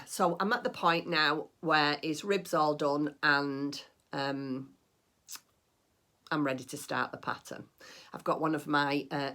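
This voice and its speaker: Middle-aged woman, low voice, chatty home crafting vlog, rambles and gushes. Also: fairly bright tone. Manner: chatty, rambling, gushing with delight. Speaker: crafting vlogger. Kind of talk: casual chat.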